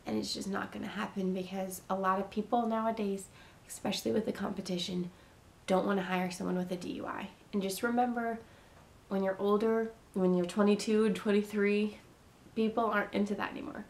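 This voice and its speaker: A woman's voice: mid-range voice, fairly even intonation, brisk, vocal fry. Earnest young woman giving advice. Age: young adult. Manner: earnest, repetitive, reassuring. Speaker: vlogger giving advice to teen parents. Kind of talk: casual advice vlog.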